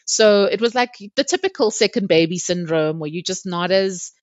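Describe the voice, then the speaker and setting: A woman tells a personal story as a podcast guest. She is candid and lively, and she laughs often. The recording is dry and a little dull. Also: lowish voice, moderate pace, no room sound. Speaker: interview guest.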